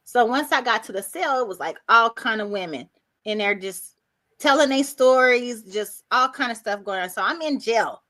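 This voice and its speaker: A woman with a bright, fairly high voice tells her story on a video call. She talks in a casual, animated way and slips into quoted voices as she goes. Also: normal speed. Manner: animated, acts out others' words in quotes. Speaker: podcast guest.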